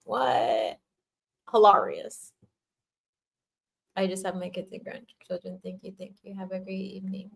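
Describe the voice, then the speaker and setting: A woman's voice: medium pitch, monotone, unhurried, creaky, pauses often, husky. An older woman hosting a livestream as a spiritual teacher, chatting casually in a playful, giggly way and laughing often.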